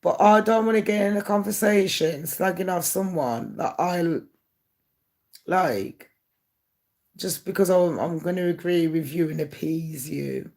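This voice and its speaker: Woman venting to her channel, gravelly fry in the voice, blunt and hurt. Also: on the low side, measured pace, a little mellow. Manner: candid, aggrieved rant. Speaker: YouTuber. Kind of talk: casual monologue to camera.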